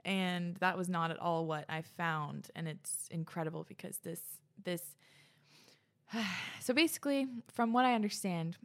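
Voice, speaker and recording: A woman talking casually to her viewers, rambling and full of fillers, sometimes laughing at herself. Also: on the low side. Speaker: vlogger. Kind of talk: casual chat to camera.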